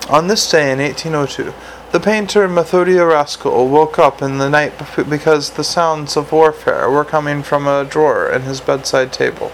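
Man reading a fantasy book aloud, dry and measured, gravelly voice. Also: fairly high pitch, a little hiss or hum, low-quality recording. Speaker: audiobook narrator. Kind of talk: audiobook reading.

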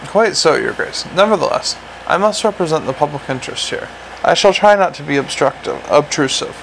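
Read by a man, a small, fastidious inspector who speaks with calm, precise formality in an audiobook. The voice is gravelly and sits a touch high for a man. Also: a little hiss or hum, low-quality recording. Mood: prim. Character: prim, calm, pedantic little male inspector. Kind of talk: audiobook character reading.

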